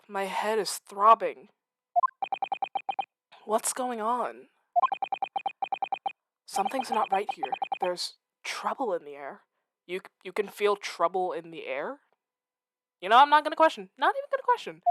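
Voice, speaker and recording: Excitable woman streaming a game. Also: medium pitch, a little slow, long pauses, no echo. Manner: excitable, gushing, reads dialogue aloud. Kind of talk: casual let's-play commentary. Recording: voice over loud game music.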